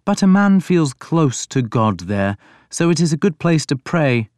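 A man voicing a mild but stern scholarly king in an audiobook, speaking in a measured way. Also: a little high, very animated, a little mellow, no room sound, clean studio sound, voice pushed up. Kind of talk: audiobook character voice.

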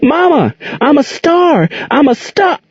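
An excited little girl squeals in a high, bright voice, as a male narrator puts her on. The recording is dry and a little dull. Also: takes it slowly, no echo, full character voice. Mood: thrilled. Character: excited young girl, eager and bubbly.

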